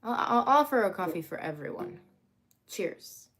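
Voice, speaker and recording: A woman's voice: mid-range voice, sing-song, moderate pace, a bit bright, breathy edge. A young woman hosting a casual livestream from home, chatting to viewers and greeting them by name, with plenty of filler words. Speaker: livestream host.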